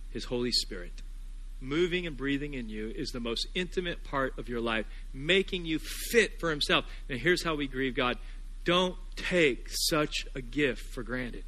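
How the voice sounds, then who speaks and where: A man in his thirties, a pastor preaching a sermon, playful and animated in his stories and then hushed and earnest. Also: medium pitch.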